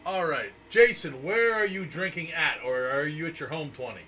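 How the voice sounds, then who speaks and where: A man hosting a live internet radio talk show, teasing his co-host in loud, joking, profane banter. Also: fairly high pitch, expressive, moderate pace, slight background noise.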